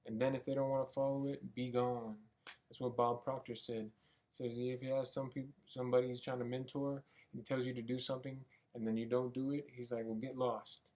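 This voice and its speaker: A young man thinking out loud in a rambling motivational monologue, casual and sometimes swearing. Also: medium pitch, level tone, a little fast. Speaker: vlogger. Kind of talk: motivational self-talk monologue.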